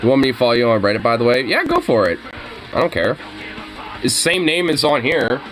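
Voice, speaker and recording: A man's voice: mid-range voice, wildly swooping pitch, brisk, a bit bright, soft background music. A young man giving casual reaction commentary, ranting with heavy profanity and frequent laughter.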